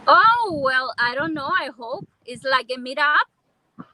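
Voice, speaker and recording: Slow-talking bright-voiced woman host. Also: high voice, no echo, poor audio. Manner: slow, halting speech. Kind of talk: casual chat.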